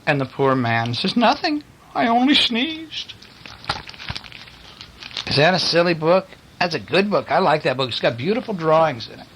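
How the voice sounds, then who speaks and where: A man's voice: a little high, animated, brisk, hardly any pauses, a bit bright, slight background noise, low-quality recording. A man reading picture books aloud to a child in bed, breaking off in a chatty, playful way to point out the pictures. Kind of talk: bedtime story reading. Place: in bed at home.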